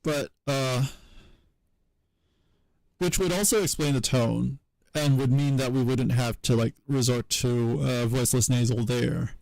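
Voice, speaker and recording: A man at a middle pitch talks slowly through a technical explanation on a live stream. He hesitates and restarts often while he works his ideas out aloud. The sound is close and dry, with no room around it. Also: steady tone, vocal fry, darkish tone, no echo, rough recording. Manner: halting and hesitant, many fillers and self-corrections. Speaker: streamer explaining historical linguistics.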